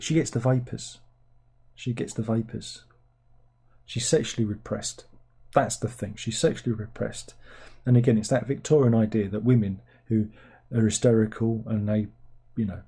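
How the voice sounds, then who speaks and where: A man's voice: medium pitch, warm tone, husky. A man hosting a casual livestream, ranting sarcastically and rambling about films. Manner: sarcastic, rambling, mocks with put-on plummy voices. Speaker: livestream host. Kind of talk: casual film rant.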